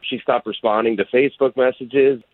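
A man's voice: mid-range voice, steady tone, a little fast, no room sound. A man calling in to a radio show, telling his story in an earnest, puzzled way. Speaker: caller. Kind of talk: phone-in chat. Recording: tinny dry phone line.

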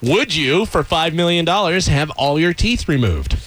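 Man, radio co-host, playful, teasing, lively up-and-down voice. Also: fairly high pitch, normal speed, low-quality recording. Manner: playful, teasing, quizzing the others. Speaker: radio show co-host reading survey results. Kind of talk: casual radio banter.

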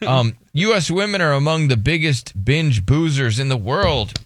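A man's voice: a little high, lively intonation, moderate pace, background noise. Man hosting casual radio banter. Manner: joking, reads headlines aloud. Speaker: radio show host.

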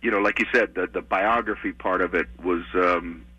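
Man telling stories haltingly, husky voice. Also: sits low, fairly even intonation, sharp tone, dry recording, highs cut off. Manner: halting, many ums and restarts. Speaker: comedian guest. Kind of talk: casual radio interview chat.

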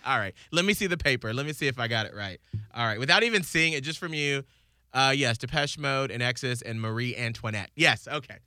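A man with an average pitch and a bright, crisp tone hosts a radio show, guiding the chat playfully. His voice sounds close and dry in the studio. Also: animated, quick pace, no room sound. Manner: steering, playful. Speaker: radio host.

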